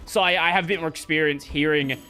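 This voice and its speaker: A man's voice: a little high, fairly even intonation, fast talker, sharp tone, clear, resonant tone, soft background music. A man from Australia, rambling and swearing casually as he comments on his own gameplay. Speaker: gaming streamer.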